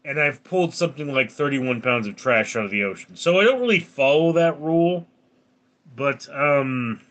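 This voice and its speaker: On a casual live stream, a man reads out comments from viewers and answers each in turn. His voice is full and resonant with a bright, forward quality, and his pitch moves freely and expressively. He keeps a moderate pace.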